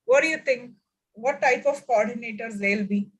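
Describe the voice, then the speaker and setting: A woman with an Indian English accent leads an online training session over a video call. Her voice sits high, and she keeps firing questions at her participants in an animated way. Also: normal speed, breathy edge, rough recording. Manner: lively, quizzes participants with frequent questions. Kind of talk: interactive online lecture.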